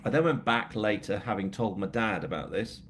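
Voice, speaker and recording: Man, northern English accent, lowish voice, rambling chatty storyteller, faint hiss behind. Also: moderate pace, a bit bright. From England. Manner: chatty, rambling, self-mocking with asides. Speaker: author hosting a live book launch. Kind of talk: casual live-stream chat and storytelling.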